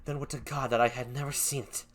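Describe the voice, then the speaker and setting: A streamer reading a gentle, pleading young noblewoman in a put-on English accent during an amateur play reading. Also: medium pitch, fairly even intonation, quick pace, natural voice. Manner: earnest, pleading verse reading.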